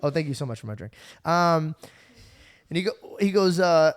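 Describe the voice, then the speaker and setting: A man hosting a casual podcast, telling a story in an animated way, laughing often and tired from no sleep. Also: fairly high pitch, moderate pace, clear, resonant tone. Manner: animated, laughing, does voices of friends. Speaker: podcast host.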